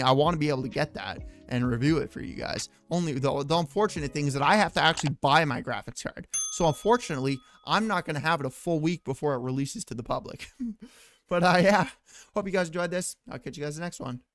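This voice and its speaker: A young man hosting a casual tech news vlog, chatty and slangy, saying dude and bro and laughing at his own jokes. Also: fairly high pitch. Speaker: tech channel host.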